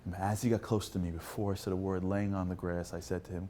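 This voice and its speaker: Animated male motivational storyteller. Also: sits low, quick pace, a little hiss or hum. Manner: acts out dialogue, swings from hushed to loud and animated. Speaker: motivational speaker. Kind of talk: storytelling talk to a live audience.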